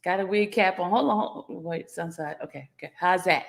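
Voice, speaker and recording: A woman's voice: on the low side, a little fast, creaky, slight background noise. A woman hosting a casual livestream, greeting her viewers one by one and laughing as she teases them. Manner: playful, greeting viewers by name; laughs often while teasing the audience. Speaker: livestream host.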